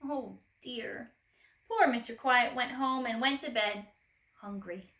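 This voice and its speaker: Woman, children's storybook reading, expressive, high bright voice, echoey room. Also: slow. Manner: expressive, gently asks the listener questions.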